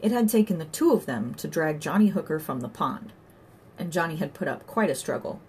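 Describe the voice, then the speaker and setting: A woman reads an audiobook aloud in scripted narration, telling the story in a measured, wry way. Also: low voice, animated, a little mellow, breathy edge.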